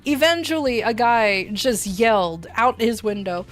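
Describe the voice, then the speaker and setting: Woman streamer, fairly high voice, casual storytelling, blunt, profane, laughs a lot, faint music behind. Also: animated, a little slow. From desert region. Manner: blunt, profane, laughs often, acts out quoted yelling. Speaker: VTuber streamer.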